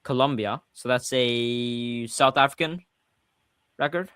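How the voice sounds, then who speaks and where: A man speaks slowly in a medium-pitched, slightly bright and clean voice, with no room sound. He's a podcast host with a Swedish accent leading a casual livestream chat, speaking freely and often revising himself mid-sentence.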